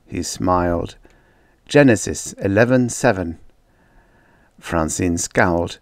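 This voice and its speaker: A man reading a science fiction story aloud as an audiobook narrator, in a steady, descriptive manner. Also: deep voice, slow pace, gravelly, no echo, clean studio sound. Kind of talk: scripted narration.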